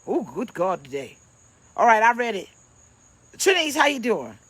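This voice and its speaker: A woman's voice: on the high side, very animated, normal speed, fairly bright tone. A woman pastor, preaching casually on a livestream from home, playful and chatty as she greets viewers by name.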